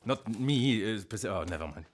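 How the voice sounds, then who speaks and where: Streamer, male, put-on French accent. Rambling, playful, self-mocking live chat from home, voice sitting a touch low. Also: lively intonation, moderate pace. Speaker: streamer and voice actor. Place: at home, indoors.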